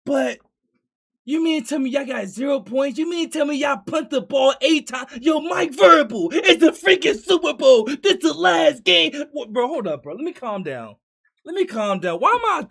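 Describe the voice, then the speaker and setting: High-voiced young guy doing a football reaction, slangy, ranting, loud bursts. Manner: excitable, ranting, slangy, often shouting. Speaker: sports reaction host. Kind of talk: animated sports reaction commentary.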